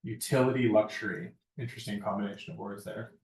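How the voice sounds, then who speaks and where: A man lecturing to a class in a casual, conversational way, often checking in with a quick "right?". His voice sits a bit low. He sounds set back from the mic in an echoey room. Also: steady tone, gravelly, a little mellow, distant mic. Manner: conversational, keeps asking "right?". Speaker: lighting design instructor.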